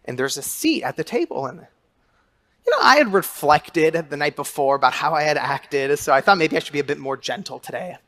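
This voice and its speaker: A young man in his twenties, an author telling a story to an audience, animated and acting out his own shouts. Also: a little high, a little fast. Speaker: author and speaker.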